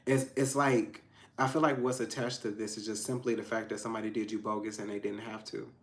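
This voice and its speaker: A man giving a casual tarot reading to his viewers, emphatic and frank, swinging between loud outbursts and low asides. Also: level tone, a little fast. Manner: frank and profane, addressing viewers directly. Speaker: tarot reader.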